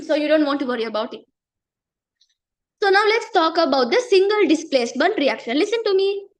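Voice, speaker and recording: A woman teaching a chemistry lesson, repeating herself and often checking understanding, losing her voice and clearing her throat. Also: high voice, expressive, fairly quick. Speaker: chemistry tutor. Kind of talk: online class teaching.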